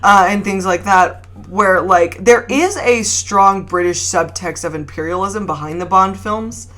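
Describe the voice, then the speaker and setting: A woman hosting a casual film podcast, animated and laughing often, with frequent swearing. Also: mid-range voice, a little slow. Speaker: podcast host.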